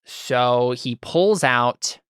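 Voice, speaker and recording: A man's voice: mid-range voice, extremely slow, a bit bright, clean tone, dry recording. Guy game-mastering a tabletop game, rambly, lots of ums, dry close sound. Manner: loose, rambling narration full of fillers.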